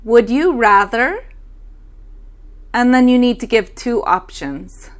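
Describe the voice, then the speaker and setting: Young woman English teacher, higher voice, unhurried and careful, models each phrase. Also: animated. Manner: slow, careful demonstration of phrases. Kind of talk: language lesson.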